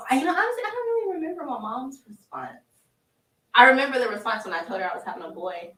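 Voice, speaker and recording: A woman's voice: mid-range voice, fast talker, background noise. A woman in her thirties telling her life story as a podcast guest, laughing often and acting out the voices of the people in it. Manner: animated, laughing often, acts out quoted voices. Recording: echoey room, distant mic.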